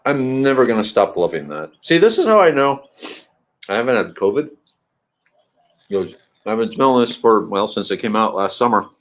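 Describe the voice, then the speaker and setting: A man's voice: medium pitch, big pitch swings, moderate pace, pauses often. A middle-aged man chatting casually in a home vlog, rambling and throwing in playful sing-song asides. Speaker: vlogger.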